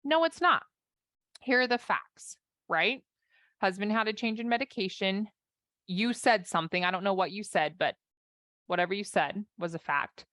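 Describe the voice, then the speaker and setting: A woman life and marriage coach giving an animated, conversational talk, acting out inner voices as she goes. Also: mid-range voice, normal speed, no echo, clean studio sound.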